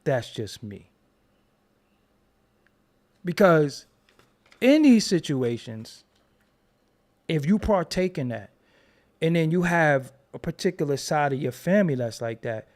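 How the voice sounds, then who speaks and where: A man's voice: a little high, slow, pauses often. A man hosting his own show, talking in a joking, rambling commentary style. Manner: animated, joking, rambling storyteller. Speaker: show host. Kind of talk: casual commentary monologue.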